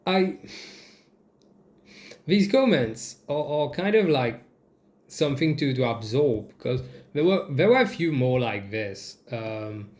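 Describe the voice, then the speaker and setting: A young man from Mauritius, host of a comedy show, ranting in a casual, animated way and swearing freely. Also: slow, pauses often. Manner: animated, jumps into mocking high-pitched quoted voices, swears. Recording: echoey room.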